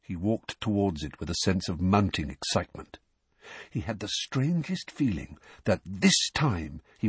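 A man narrating an audiobook in an expressive storytelling manner. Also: mid-range voice, slightly rough, no echo. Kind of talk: scripted narration.

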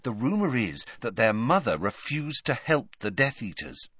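A man voicing a brisk, impatient, clever teenage girl in an audiobook. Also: medium pitch, sing-song, a bit bright, no echo, pitched above the performer's own voice. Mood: grave.

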